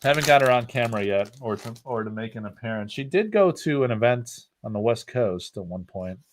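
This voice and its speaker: With lively intonation and a brisk delivery, a medium-pitched man hosts a card-opening livestream. He's from upstate New York and keeps the chat casual, rambling and full of fillers, over a faint hiss or hum.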